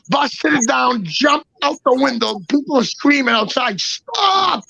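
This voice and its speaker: A man with a gravelly, husky voice tells a story in fits and starts, doubling back on his words and cursing as he goes. The recording sounds dull and lo-fi, close and dry. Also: very high-pitched, a bit bright, dry recording. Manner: halting, with many restarts and repeats; swears freely. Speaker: guest storyteller. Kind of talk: casual storytelling.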